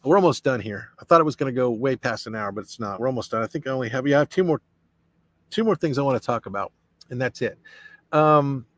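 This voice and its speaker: A man's voice: medium pitch, animated, fast talker, fairly bright tone, no room sound. A man hosting a casual live stream, rambling in a friendly way as he reads viewer comments aloud and answers them. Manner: friendly, many fillers and restarts.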